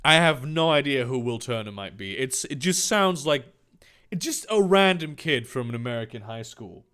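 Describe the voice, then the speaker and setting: A man's voice: medium pitch, normal speed, smooth. Sarcastic young man reading fanfiction aloud. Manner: sarcastic, deadpan asides, swearing. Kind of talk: comedic reading with commentary.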